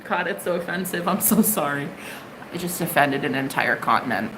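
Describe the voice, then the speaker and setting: A woman's voice: deep voice, lively intonation, moderate pace, fairly bright tone, a little hiss or hum, low-quality recording. A young woman from the United States giving a live-stream tarot reading, chatty and bubbly with plenty of swearing. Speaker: tarot reader.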